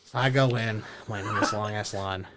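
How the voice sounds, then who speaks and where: A man, a podcast guest, telling a story in a casual chat, animated, swearing and laughing as he goes. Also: on the low side, moderate pace, heavy background noise. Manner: animated, profane, laughing through his story.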